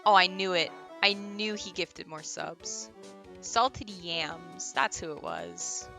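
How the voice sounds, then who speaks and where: A woman's voice: on the low side, very animated, slow, music in the background. Giggly chatty woman streamer. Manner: chatty and giggly, reads chat aloud. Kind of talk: casual gaming stream chat.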